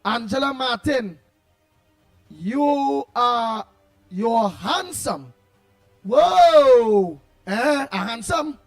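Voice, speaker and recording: High, husky Trinidadian man bantering. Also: animated, drawn-out words, no room sound, clean studio sound, faint music behind. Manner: loud, playful banter. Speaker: host greeting live viewers. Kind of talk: casual live-stream chat.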